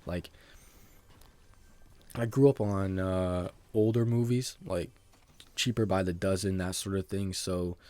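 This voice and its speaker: A man's voice: low-pitched, a little mellow, no echo. A young man telling an embarrassing story from his school days in a rambling, self-mocking casual monologue, full of "like" and "bro".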